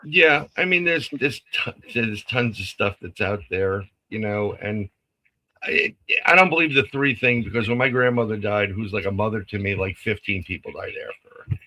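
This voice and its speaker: A man's voice: lowish voice, normal speed, poor audio. A man casually telling a story on a live stream, acting out the lines of people in it and laughing often. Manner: animated, acts out quotes, laughs often.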